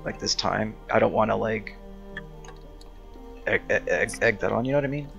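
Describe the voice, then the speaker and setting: A man's voice: lowish voice, moderate pace, creaky, fairly bright tone, highs cut off, faint music behind. A young man live-streaming a game, chatting casually and thinking aloud as he reads out dialogue choices.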